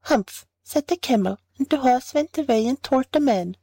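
A woman narrating a storybook fable in a clear, even reading voice. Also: sits high, moderate pace, no echo. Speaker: audiobook narrator.

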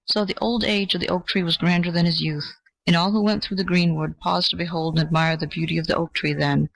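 A narrator reading an old fairy tale aloud in a measured, gentle way. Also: mid-range voice, steady tone, vocal fry, no echo, rough recording. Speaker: audiobook narrator. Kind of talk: scripted storybook narration.

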